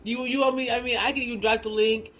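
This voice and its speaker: A woman hosting a casual livestream. She chats in an animated, teasing way, laughs often, and restarts her sentences a lot. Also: on the high side, fast, low-quality recording. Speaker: livestream host.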